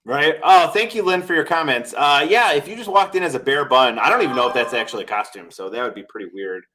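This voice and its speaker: A man co-hosting a casual chat show, joking and acting out quick little voices as he talks. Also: on the high side. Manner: animated, jokey, acts out little quoted voices. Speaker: podcast co-host.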